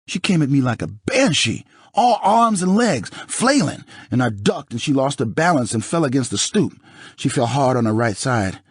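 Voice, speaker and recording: Audiobook narrator, male, low husky voice, lively dramatic delivery, dry studio sound. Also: normal speed, dry recording. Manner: dramatic, expressive reading. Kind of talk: first-person audiobook narration.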